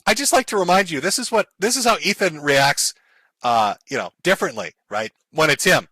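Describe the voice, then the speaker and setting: Male commentary host: high bright voice, dry close sound, crude and mocking delivery with frequent laughs. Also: lively intonation, a little fast, breathy edge, dry recording. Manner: profane, sneering, laughs often.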